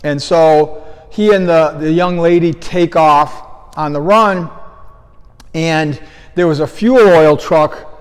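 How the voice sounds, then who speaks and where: A man with a fairly high voice tells a casual story from his coaching days, wandering through restarts and acting out the quoted lines louder. His voice trails off into a long reverb, as if he is recorded in a big, hard room. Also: takes it slowly, smooth. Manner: rambling storyteller who acts out quoted lines in a raised voice. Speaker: fitness coach and gym founder. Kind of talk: casual spoken anecdote.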